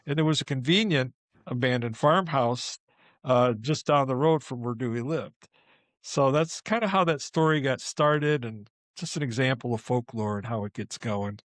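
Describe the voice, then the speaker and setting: A man's voice: medium pitch, normal speed, dry recording. A man who works as a ghost tour guide, telling a story casually and acting out the people in it. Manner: animated, acts out the people in his stories.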